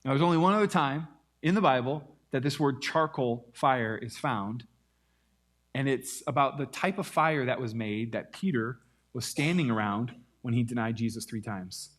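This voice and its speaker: A man preaching a sermon, telling a Bible story with lively acted-out quotes. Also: medium pitch, moderate pace. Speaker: pastor.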